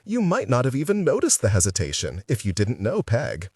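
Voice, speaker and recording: A man reading a novel aloud in the first person, wry and animated. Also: mid-range voice, fairly quick, husky, no echo. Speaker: audiobook reader. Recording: dry sound, distant mic.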